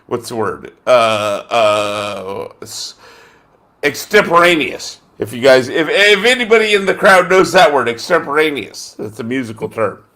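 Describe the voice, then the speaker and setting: With a medium pitch and wide melodic swings, this man sounds pushed and bright, speaking at a measured pace. Hosting an informal podcast, he rambles, swears, and often gropes for names with lots of fillers.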